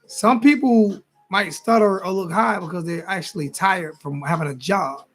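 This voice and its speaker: A sports talk show host in his forties runs a casual late-night livestream, tired and rambling as he speaks right to his chat and circles back over his points. His voice sits high and moves at a normal speed with few pauses.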